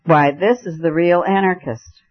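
A man's voice: a little high, fairly even intonation, unhurried, lightly acted. A man reading the part of an anguished young male detective, speaking in impassioned, breaking declamation, on a muffled lo-fi recording. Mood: pained.

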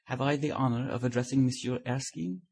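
A man reading the part of a polite old gentleman with a slight French accent, speaking formally. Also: medium pitch, a little fast, gravelly, slightly rough. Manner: courteous, formal.

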